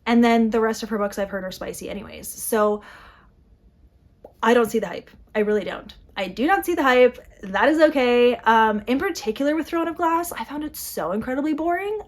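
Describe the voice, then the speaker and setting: Chatty woman vlogger, fairly high voice. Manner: animated, self-interrupting, quick asides with laughs. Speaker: book vlogger. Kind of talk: casual chat to camera.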